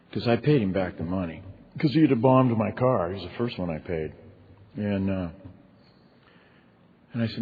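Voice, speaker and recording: A middle-aged man tells his own story from the stage of a large convention ballroom, candid and chatty, full of "you know" and "man". His voice sits on the low side and sounds husky. The recording is thin and phone-like, with a long reverb trailing off the hall. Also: lively intonation, moderate pace, long pauses. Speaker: recovery meeting speaker. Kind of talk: personal story told from a stage.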